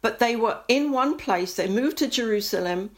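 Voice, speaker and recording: A woman speaking in a fairly high voice, giving a heartfelt testimony about prayer. Her delivery is earnest and fervent and sometimes softens to a hushed, near-whispered tone when she is moved. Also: lively intonation, normal speed. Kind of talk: impassioned Christian testimony.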